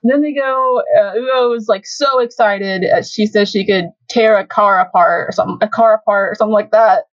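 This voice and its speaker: A woman's voice: medium pitch, a little fast, few pauses, dry recording, muffled recording. A young woman hosting a casual fan podcast, chatty and giggly, with lots of fillers. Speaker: podcast host.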